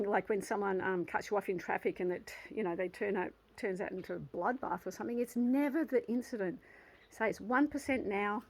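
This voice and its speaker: A woman's voice: mid-range voice, rough recording. A woman, hosting her own channel and talking earnestly about self-worth in a casual vlog, often restarting her sentences. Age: 50s. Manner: earnest and heartfelt, with frequent restarts and soft laughs. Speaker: channel host. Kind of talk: casual motivational vlog monologue.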